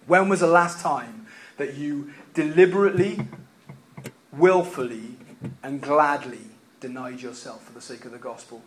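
A man preaching a sermon, emphatic, repeating key phrases and swinging between loud and quiet delivery. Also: medium pitch, a little slow, slight background noise.

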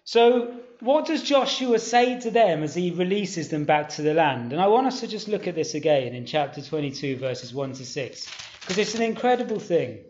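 A man with a slightly high, darkish, animated voice preaches a sermon at normal speed. He's casual and conversational, asks the congregation questions, reads scripture aloud, and urges his points with intensity. The hall is echoey and the audio dull and lo-fi.

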